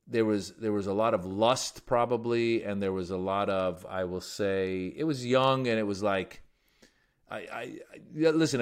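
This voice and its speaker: Smooth and on the low side, this man's voice belongs to a comedian who left Iran as a boy and was raised in America. Sitting for a relaxed interview, he tells meandering stories packed with restarts and fillers.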